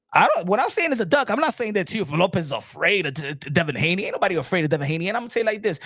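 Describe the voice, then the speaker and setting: A man giving casual boxing commentary, animated, repeating himself and firing off rhetorical questions. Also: high voice, no echo. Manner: animated and repetitive, many restarts and rhetorical questions.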